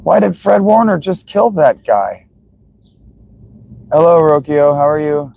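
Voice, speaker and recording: A man's voice: fairly high pitch, expressive, a little slow, creaky, darkish tone. A man streaming live as he watches football, chatting casually and greeting viewers by name.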